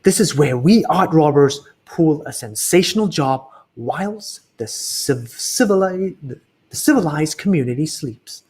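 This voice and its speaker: A man's voice: fairly high pitch, animated, unhurried, darkish tone, breathy edge. A man reading a storybook aloud and voicing a boastful, sly male art thief in a raised, sneering voice.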